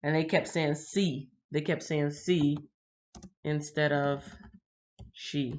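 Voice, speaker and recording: A woman with a fairly low voice hosts a casual livestream Bible reading. She keeps it chatty and lively, reads a passage, then breaks off to greet viewers by name. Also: a little slow.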